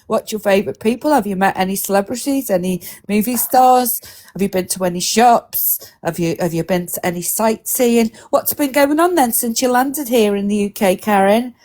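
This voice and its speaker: A woman hosting a live stream, teasing and playful, firing off quick questions in casual banter. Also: medium pitch, a little mellow.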